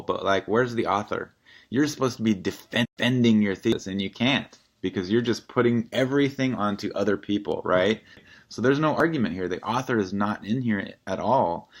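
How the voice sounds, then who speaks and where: A male teacher giving a casual, wry recorded lecture, critiquing a student essay, often clearing his throat. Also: on the low side, a bit bright.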